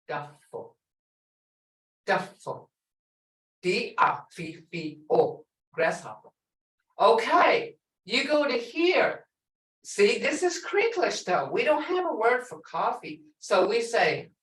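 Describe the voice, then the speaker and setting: A woman teaching a language class, repeating words slowly and quizzing her students. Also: medium pitch, a bit bright. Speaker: language instructor. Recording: echoey room, distant mic.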